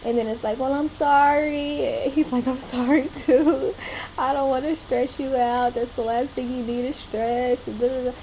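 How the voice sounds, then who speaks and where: A woman's voice: sits high, steady tone, moderate pace, warm tone, slight background noise, low-quality recording. A young woman chatting casually in a home vlog, rambling along with short laughs. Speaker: vlogger. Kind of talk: casual chat.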